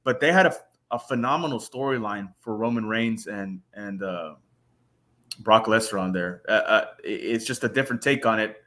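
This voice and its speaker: A man talking casually as a guest on a podcast, excited and profane, with frequent stumbling restarts. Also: on the low side, moderate pace. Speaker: guest panelist.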